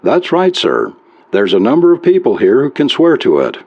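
A stern trooper sergeant, put on by a male reader, gruff and official, his pitch moving widely. The recording sounds dull and lo-fi. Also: wildly swooping pitch, normal speed.

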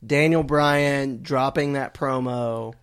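Casting: earnest male podcast co-host, mid-pitched, casual. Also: steady tone, slow pace, smooth. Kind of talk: casual chat.

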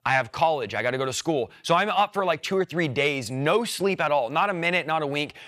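A man's voice: fairly high pitch, animated, fairly quick, a bit bright. A man sharing his personal testimony as an evangelist, in an earnest, emotional, repetitive way of storytelling.

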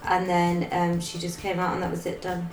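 A woman co-hosting a casual podcast, animated and full of questions. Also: fairly low pitch, moderate pace. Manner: animated, asks lots of questions. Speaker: podcast co-host. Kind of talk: casual chat. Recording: echoey room with faint music.

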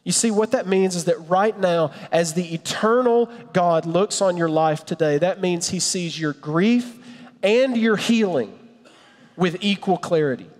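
A man preaching a sermon in an earnest, reflective way, with a storyteller's pauses. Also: sits high. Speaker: pastor. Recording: long reverb.

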